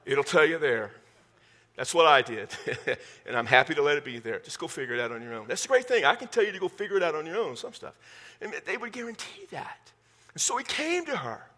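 A man in his fifties preaches a sermon in a folksy, joking manner, stumbling into repeated words as he restarts his thoughts. His voice sits a little high and rings bright and forceful. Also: big pitch swings, a little fast. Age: 50s. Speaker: pastor.

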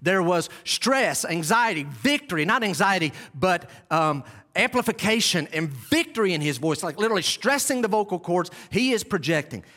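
Lively, high-voiced preacher man. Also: moderate pace. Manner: animated, dramatic storytelling preaching. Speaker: pastor. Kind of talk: sermon.

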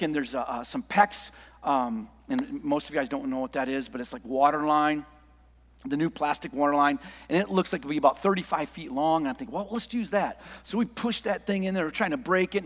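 A middle-aged male pastor with a high voice gives an animated sermon. He drops to quiet, intimate asides, then rises to excited shouts as he tells a story. The sound carries a long hall reverb. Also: a little fast. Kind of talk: sermon with anecdote.

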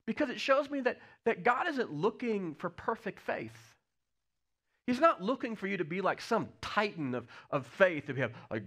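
A man preaching a sermon, telling stories with swings between loud bursts and hushed lines. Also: high-pitched, big pitch swings, moderate pace. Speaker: pastor.

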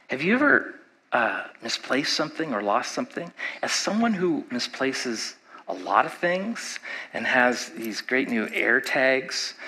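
A man's voice: a little high, sharp tone, low-quality recording. A male pastor preaching a sermon in a conversational way, asking his listeners rhetorical questions.

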